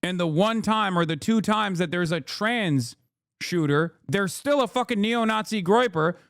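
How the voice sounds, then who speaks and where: A man's voice: sits high, expressive, unhurried, a bit bright, dry recording, studio quality. A man in his thirties with an American accent, ranting heatedly as a political streamer, profane and repetitive. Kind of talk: ranting commentary.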